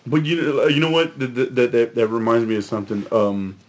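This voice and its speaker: A man co-hosting a casual chat, mid-pitched, blunt and quick to swear. He tells stories in drawn-out, restarting runs. The recording is a little dull and lo-fi. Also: expressive. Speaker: podcast co-host.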